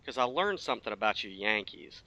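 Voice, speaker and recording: Lively Southern man telling a story. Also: on the low side, brisk, creaky, no echo. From American South. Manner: animated storytelling, stammering restarts. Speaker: podcast host. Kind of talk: casual podcast chat.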